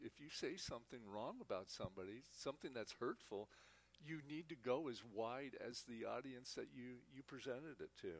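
A man's voice: mid-range voice, breathy edge. A man teaching a Bible class, speaking earnestly and often repeating words as he talks. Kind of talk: church teaching talk.

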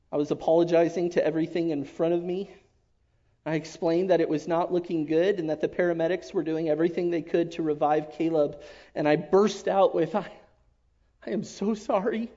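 A man giving an emotional personal testimony to his church, earnest and halting, often dropping to a hush. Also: on the high side. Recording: dull lo-fi recording.

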